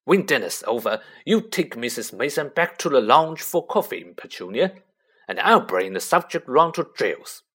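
A man voicing a blustering, bullying middle-aged man who snarls loudly and forcefully in a storybook reading. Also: mid-range voice, very animated, normal speed, slightly rough, full character voice.

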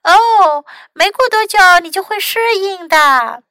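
A bossy, grand little city mouse squeaks out her lines, put on by a woman in a storybook read-aloud. The voice sits very high and bright, with an urgent, showy edge. The recording is dry and close. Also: lively intonation, measured pace, dry recording, heavily acted. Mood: breezy.

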